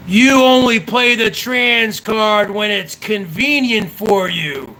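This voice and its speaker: Male stream host, high-pitched, unhurried, sarcastic and profane. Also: bright, forceful tone, rough recording. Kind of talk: ranting livestream commentary.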